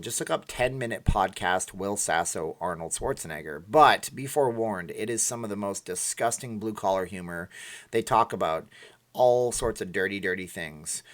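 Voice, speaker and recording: A man hosting a casual livestream, chatting in a rambling way and laughing between remarks, his voice slightly hoarse. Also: deep voice, a bit bright. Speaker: livestream host.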